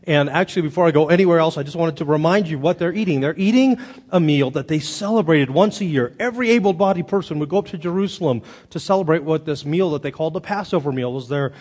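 A man's voice: a little high, fast, darkish tone. A man in his thirties preaching a sermon as pastor, telling stories earnestly with frequent restarts.

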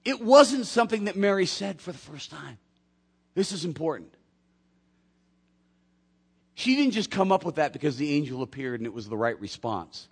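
A man preaching a sermon as a pastor, telling a personal story in an animated way and acting out the voices of the people in it. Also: on the high side, normal speed, pauses often, slightly rough.

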